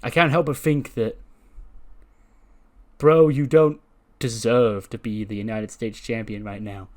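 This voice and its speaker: A man's voice: mid-range voice, fairly even intonation, a little slow, a little mellow, lightly acted. Chill surfer bro wrestler, drawly, bro every other word, guy putting it on. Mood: laid-back. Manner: drawling, says bro constantly. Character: laid-back surfer-bro male wrestler.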